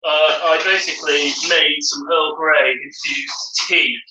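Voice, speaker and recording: A man's voice: fairly high pitch, steady tone, slow, recorded from a distance, heavy background noise. A man hosting a casual live stream from his home bar, chatting as he explains a cocktail step by step. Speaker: host and bartender. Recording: echoey room, off-mic.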